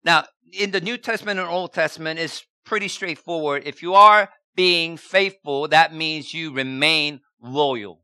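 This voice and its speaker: A male pastor delivers a sermon at an unhurried pace, his voice bright and forward. He keeps posing rhetorical questions and hammers key words again and again. The sound is close and dry. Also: a little high, clean tone, dry recording.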